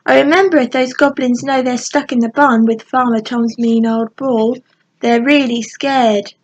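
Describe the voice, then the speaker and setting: A woman reading aloud voicing a kind, clever fairy girl who speaks sweetly and sometimes whispers, with a slightly husky, fairly high voice. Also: fairly even intonation, normal speed, dull audio, lightly acted.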